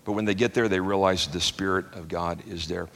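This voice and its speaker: A man's voice: deep voice, steady tone, fairly quick, fairly bright tone. A middle-aged man preaching to a congregation, a folksy, chuckling storyteller who restarts his sentences, then leading a closing prayer. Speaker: pastor. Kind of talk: sermon with stories and closing prayer. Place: church hall before a congregation. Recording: long hall reverb.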